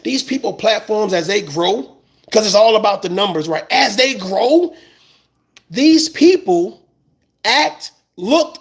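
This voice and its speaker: Very high-pitched and creaky, a male commentator's voice carries an impassioned, profane rant. When he gets heated, he starts repeating words.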